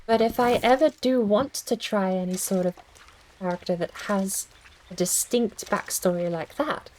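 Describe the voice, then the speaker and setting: A woman's voice: mid-range voice, normal speed, a little mellow, a little hiss or hum, rough recording. A woman streaming a video game, chatting casually and thinking aloud in a rambling, self-deprecating way. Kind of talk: casual gaming stream chat.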